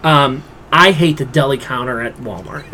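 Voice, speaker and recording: A middle-aged man with a profane, exasperated and animated delivery, ranting in casual podcast chat. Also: mid-range voice, normal speed, a little hiss or hum. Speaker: podcast co-host.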